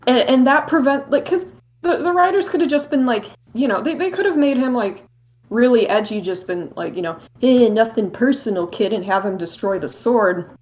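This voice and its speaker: A woman co-hosting a podcast, chatting casually in quick, excitable, jokey rambling. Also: fairly high pitch. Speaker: podcast co-host.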